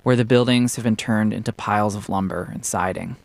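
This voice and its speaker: A man narrating a documentary story in a measured, descriptive way. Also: fairly low pitch, creaky. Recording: loud noise under the voice.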